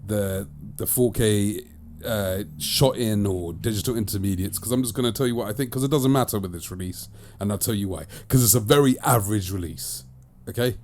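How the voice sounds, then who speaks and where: Chatty male host, slightly low voice, talks in emphatic repeated phrases. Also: fairly quick, darkish tone, a little hiss or hum. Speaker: podcast host and disc reviewer. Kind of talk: casual chat.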